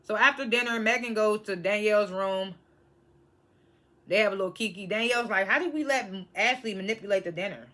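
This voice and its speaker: A woman casually recapping a reality TV episode, blunt and animated, swearing freely and laughing between points. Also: medium pitch, brisk.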